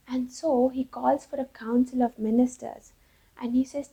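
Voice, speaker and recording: A woman's voice: high-pitched, fairly even intonation, moderate pace, creaky, mellow, slightly rough. A woman telling a children's fable expressively, with sound effects. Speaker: storyteller. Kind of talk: children's storytelling. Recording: dull lo-fi recording.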